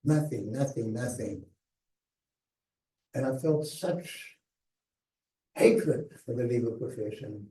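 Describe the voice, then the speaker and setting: An older man recounting his own past in a slow, emphatic talk with hushed pauses, heard from a distance in an echoey lecture hall. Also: mid-range voice. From South Africa. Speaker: guest speaker. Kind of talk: personal memoir talk.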